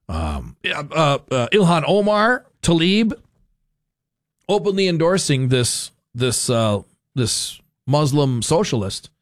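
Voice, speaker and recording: A man's voice: medium pitch, no echo. Male radio host, opinionated and sarcastic, dry studio read. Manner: opinionated, sarcastic, many fillers. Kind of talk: casual political talk radio. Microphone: studio microphone.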